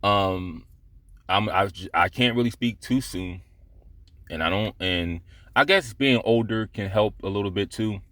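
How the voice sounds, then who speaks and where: A man's voice: lowish voice, measured pace, a bit bright, dry recording. Blunt, profane man telling a work story. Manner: blunt, profane, rambling with restarts. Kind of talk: casual storytelling vlog.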